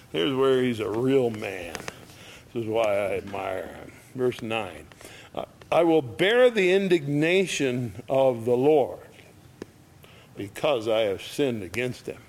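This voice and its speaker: A man's voice: mid-range voice, slight background noise. A man preaching a conversational sermon, reading scripture aloud with rising emphasis and acting out dialogue. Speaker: pastor.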